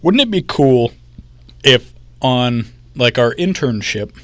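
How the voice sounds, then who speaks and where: A man's voice: medium pitch, expressive, takes it slowly, no echo. A young man co-hosting a casual radio show, explaining things step by step. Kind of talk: casual chat. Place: small radio studio. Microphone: headphones and studio microphone.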